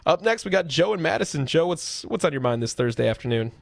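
A man hosting a talk radio show, speaking in a relaxed way with a few uhs. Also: a little high, fast, creaky, no room sound.

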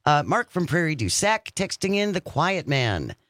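In studio-quality sound with no echo, a man with a slightly high voice hosts a casual radio talk show at a moderate pace. He animatedly reads out the phone number and listeners' texts.

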